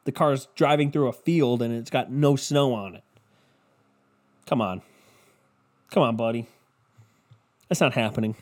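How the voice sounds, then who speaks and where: A man's voice: medium pitch, measured pace, pauses often. Profane, ranting male podcaster. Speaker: podcast host. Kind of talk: casual comedic rant.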